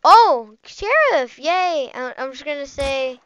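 A woman with a high, bright voice chatters excitedly through live gameplay commentary, rambling from one thought to the next. Her voice sits close and dry, with no room sound around it. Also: takes it slowly, no room sound, highs cut off. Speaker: gaming channel host.

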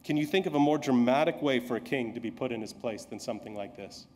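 A man's voice: mid-range voice, quick pace, darkish tone. A male pastor preaching a sermon in a church, telling the story vividly and asking the listeners rhetorical questions.

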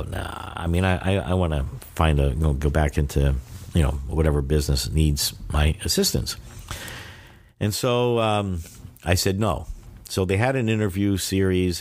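An older man, a guest on an interview podcast, telling long rambling stories with frequent restarts. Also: low-pitched. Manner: rambling anecdotal storyteller with many restarts. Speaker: guest, Chinese teacher. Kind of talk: casual interview storytelling.

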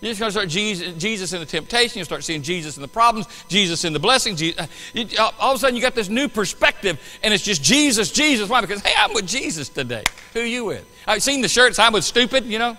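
A man pastor preaching a sermon with animated swings between loud bursts and quiet asides. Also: high-pitched, fast talker, few pauses, in a large hall, soft background music, rough recording. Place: church sanctuary.

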